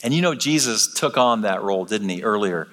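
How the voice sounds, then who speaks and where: A man preaching a sermon in a church, animated and acting out the voices he quotes. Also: fairly low pitch, a little fast. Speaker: guest preacher. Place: church sanctuary. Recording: long church reverb.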